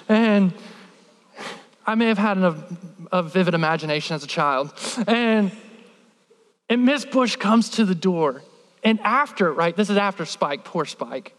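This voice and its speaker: A man preaching a sermon, telling a childhood story in an animated, humorous way with lots of filler words. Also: sits high, big-room sound. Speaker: pastor.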